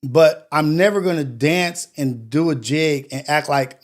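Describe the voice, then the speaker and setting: A man's voice: a little high, unhurried. A man hosting a commentary show, talking emphatically in with rhetorical questions. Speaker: show host. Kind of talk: commentary on played clips.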